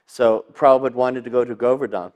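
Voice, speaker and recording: An older man recalling memories in an interview, with a halting manner full of fillers and restarts. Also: medium pitch, steady tone, a little mellow. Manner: halting, filler-laden storytelling. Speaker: devotee sharing memories. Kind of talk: reminiscing interview.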